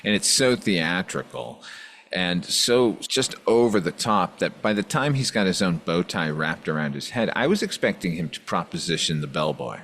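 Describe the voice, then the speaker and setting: A man's voice: sits low, expressive, moderate pace, a bit bright, a little hiss or hum. A man co-hosting a podcast, giving wry commentary on a TV episode in casual chat. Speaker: podcast co-host.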